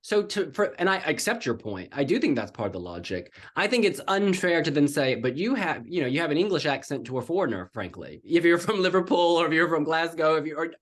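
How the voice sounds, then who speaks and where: Animated, emphatic show host. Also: mid-range voice, brisk, few pauses. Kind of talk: casual discussion.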